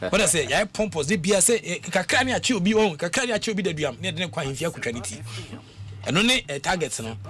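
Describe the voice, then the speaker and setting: Ghanaian male radio host, high-pitched rapid delivery, emphatic rambling talk, studio mic. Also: lively intonation, pushed and bright, faint music behind. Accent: Ghanaian English. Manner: switches between English and Twi, emphatic and rambling. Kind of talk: animated radio talk-show commentary.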